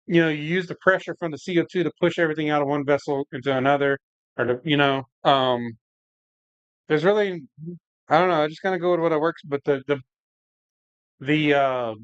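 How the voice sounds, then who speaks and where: On a home brewing stream, a relaxed man with a smooth, fairly high voice wanders from thought to thought, tossing in "like" and "man" constantly while working and responding to viewers. The sound is lo-fi, with no room sound.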